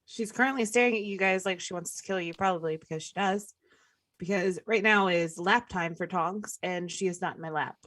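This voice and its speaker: A woman's voice: lowish voice, fairly quick, fairly bright tone, dry recording. A woman co-hosting a live podcast stream, chatting casually and joking with laughter. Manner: chatty, jokey, laughs often. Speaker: podcast co-host.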